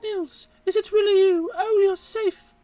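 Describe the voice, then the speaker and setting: A man's voice: fairly even intonation, a little slow, warm tone, no echo, recorded from a distance, faint music behind. Shy young dancer girl, as a man puts her on. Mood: soft. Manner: high and airy, hesitant. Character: gentle young woman dancer, shy and soft-spoken.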